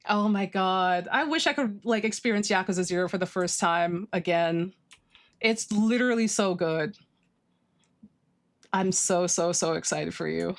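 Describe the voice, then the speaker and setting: A woman livestreaming, chatting casually with her viewers, gushing and excitable as she reads chat. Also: on the low side, a little slow. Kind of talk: casual stream chat, reading chat.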